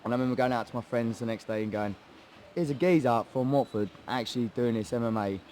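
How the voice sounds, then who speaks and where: A man's voice: mid-range voice, fast talker, a little mellow, slight background noise. A young English man with a Hertfordshire accent, a mixed martial arts fighter telling a laddish, swearing story of how he started training in a casual interview. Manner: chatty, swearing, laddish banter, acts out quoted voices. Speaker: guest, MMA fighter.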